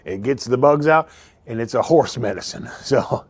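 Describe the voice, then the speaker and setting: A man's voice: mid-range voice, lively intonation, normal speed, husky, no echo. Car-lot owner doing his own off-the-cuff ad, cracks himself up, keeps losing the thread. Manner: rambling, laughs often, self-interrupting. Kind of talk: joking improvised commercial spiel.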